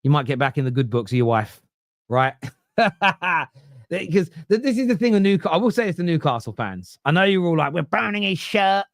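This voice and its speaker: A man's voice: fairly high pitch, big pitch swings, normal speed, no echo, clean studio sound. A man hosting a football podcast, ranting casually with swearing, digressions and mocking asides. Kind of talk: casual opinionated rant.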